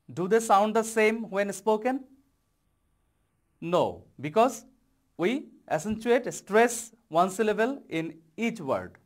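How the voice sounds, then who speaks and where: A Bangladeshi man delivering a televised English lesson to students. His voice sits high for a man, and he talks at an unhurried, measured pace, punching out the important words. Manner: slow, deliberate explaining with stressed key words. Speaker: English teacher.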